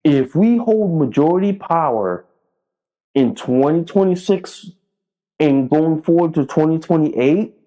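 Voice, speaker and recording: A man's voice: on the high side, lively intonation, unhurried, warm tone, rough recording. A man delivering a political commentary monologue, blunt and profane, repeating himself as he rallies his viewers.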